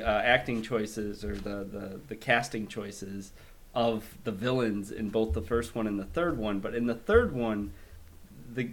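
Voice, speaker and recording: A man chatting casually about films in a middle-range voice. He talks loosely, laughing often and restarting his sentences. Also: mid-range voice. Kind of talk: casual chat about movies.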